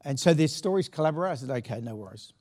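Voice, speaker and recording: A man's voice: mid-range voice, expressive, very fast, a little mellow. A middle-aged man, a pastor telling a story from the pulpit in a chatty, laughing way with many restarts. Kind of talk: sermon anecdote.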